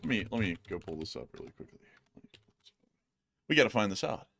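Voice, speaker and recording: Thanking his viewers, this stream host wanders through his words with plenty of fillers and repetition. The lowish voice is very animated and fairly fast, fairly bright with vocal fry, and a little hiss or hum sits underneath.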